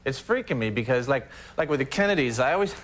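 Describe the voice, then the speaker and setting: A man, a comedian guest on a talk show, telling animated stories and slipping into voices. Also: mid-range voice, fast talker. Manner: animated storytelling, slips into voices. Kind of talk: late-night talk show chat.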